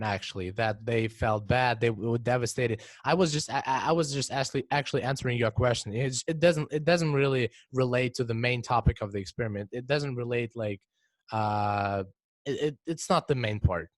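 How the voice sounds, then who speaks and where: A man's voice: mid-range voice, normal speed, no room sound. A teenage boy co-hosting a casual podcast discussion, explaining ideas with frequent restarts and repeated words. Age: teens. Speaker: podcast co-host.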